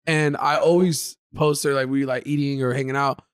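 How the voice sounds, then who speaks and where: A man's voice: mid-range voice, steady tone, normal speed, smooth. A young man co-hosting a podcast, casual and laughing, swearing freely and calling everyone bro. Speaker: podcast co-host. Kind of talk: casual chat.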